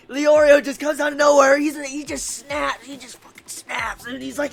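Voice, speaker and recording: A woman with a fairly high voice gushes over an anime episode in a reaction review. She swears freely and breaks into excited shouts. Faint music plays underneath. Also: moderate pace, gravelly, few pauses. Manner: gushing, swears a lot, bursts into shouts.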